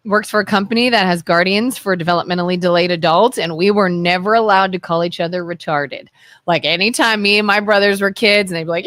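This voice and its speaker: A woman co-hosting a casual talk radio show, telling stories in a chatty way and chiming in with quick agreement. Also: medium pitch, a bit bright, no echo. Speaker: co-host. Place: radio studio.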